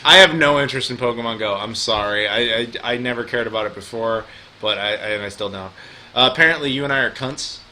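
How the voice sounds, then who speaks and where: A man's voice: medium pitch, quick pace, sharp tone, a little hiss or hum. An American man hosting a casual live stream chat, joking around loosely and swearing freely. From United States. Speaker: host.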